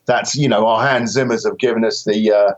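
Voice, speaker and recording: British musician guest, low voice, muffled remote line, rambling self-deprecating talk. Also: male voice, steady tone, fairly quick. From Britain. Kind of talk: casual interview chat.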